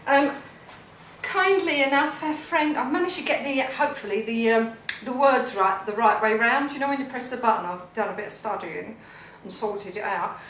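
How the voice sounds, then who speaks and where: A rambling, cheerful woman hosts a home cooking stream and chats to her viewers and pets as she works. Her voice sits a little high. She is a step back from the mic in an echoey kitchen, with a faint hum behind her. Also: normal speed, a bit bright, far from the mic. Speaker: host of a live cooking stream. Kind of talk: chatty live cooking stream.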